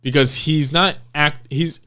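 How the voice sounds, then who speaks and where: A young man co-hosting a casual podcast chat, talking in a relaxed, rambling way with frequent ums. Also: fairly high pitch, a little slow, clean tone. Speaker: podcast co-host.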